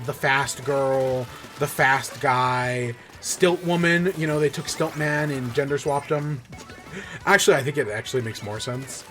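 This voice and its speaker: Male podcast host, higher-pitched, enthusiastic rambling recap style, casual swearing, faint background music. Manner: excited, rambling, swears freely.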